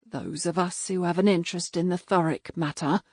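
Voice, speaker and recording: A woman's voice: lowish voice, fairly even intonation, moderate pace, darkish tone, no echo, studio quality, close to an everyday voice. A woman voicing a defiant, protective farmer's wife who speaks firmly. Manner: firm, defiant.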